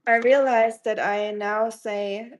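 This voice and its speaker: A woman live streams while cooking in her home kitchen, chatting casually, greeting viewers by name and teasing them with jokes. Her mid-range voice moves slowly with fairly even intonation. The low-quality recording carries a little hiss or hum.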